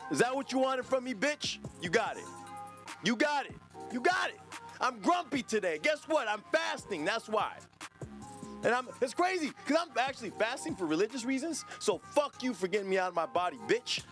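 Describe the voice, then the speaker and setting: A man's voice: very high-pitched, expressive, fairly quick, fairly bright tone, soft background music. A man hosting a livestream podcast, ranting angrily at his chat in a profane, drawling, sing-song way. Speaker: podcast host.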